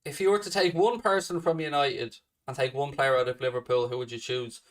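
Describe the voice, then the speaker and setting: Male host, mid pitch, blunt sweary chat answering questions, recorded a little off-mic. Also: fairly even intonation, brisk, distant mic. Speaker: fan channel host. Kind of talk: casual live Q&A chat.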